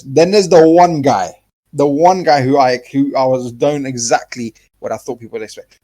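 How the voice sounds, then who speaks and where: A man co-hosting a laid-back podcast, talking in a loose, rambling way with lots of false starts and the odd swear word. His voice sits at an ordinary middle pitch and he gets animated as he goes. It's plain, unforced chat. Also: fairly quick. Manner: rambling, animated, swears freely, frequent restarts. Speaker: podcast co-host. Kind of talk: casual chat.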